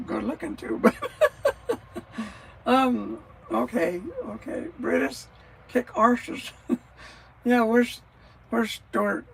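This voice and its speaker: A woman's voice: on the high side, fairly even intonation, extremely slow, vocal fry, pauses often, slight background noise, low-quality recording. A woman chatting casually on a live stream, rambling from thought to thought and answering viewers' comments as she goes. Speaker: livestreamer.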